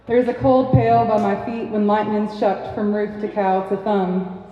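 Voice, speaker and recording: A woman reading a poem in the voice of a grieving rural farm woman with a plain, halting country cadence. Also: medium pitch, level tone, close to an everyday voice. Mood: mournful. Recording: echoey dull sound from a distant mic in a pub.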